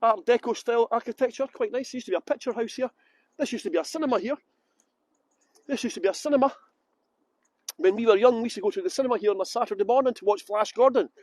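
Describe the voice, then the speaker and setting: A man's voice: very high voice, fast, long pauses, a little mellow, no room sound. A middle-aged Scottish man giving a live walking tour on city streets, joking cheekily and greeting viewers, speaking into a phone on a gimbal. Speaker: tour guide. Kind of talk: livestreamed walking tour chat.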